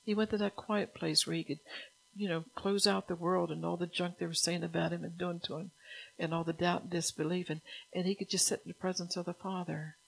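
Gravelly-voiced woman preaching a sermon. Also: lowish voice, low-quality recording.

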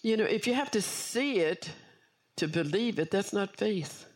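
A woman's voice: mid-range voice, animated, a little slow. Woman, preacher, sermon with personal testimony, earnest, emphatic, repeats phrases.

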